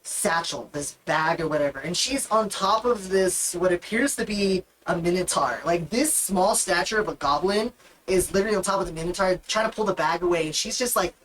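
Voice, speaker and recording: A woman's voice: lowish voice, fairly quick, slight background noise, rough recording. A woman narrating a tabletop game as game master in a casual, rambling way. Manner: casual, rambling, with many fillers.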